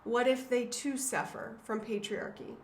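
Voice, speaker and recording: A woman in her thirties with a somewhat high voice talks casually and reads from her own book, earnest and emotional, stumbling over words now and then. The room has a noticeable echo, with a faint hum of noise underneath. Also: fairly even intonation, measured pace. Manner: earnest, emotional, with frequent fillers and restarts. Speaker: author and host.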